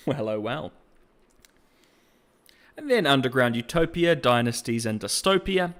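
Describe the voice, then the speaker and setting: A man hosting a video, giving casual reaction commentary in an animated, incredulous and jokey way. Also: medium pitch, a little slow, pauses often. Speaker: video essay host.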